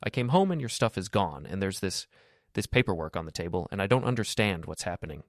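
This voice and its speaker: A man's voice: sits low, big pitch swings, fast talker, no room sound, clean studio sound. A man reading a story voices a distraught young wife, her voice ragged, cracking and pleading. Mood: panicked.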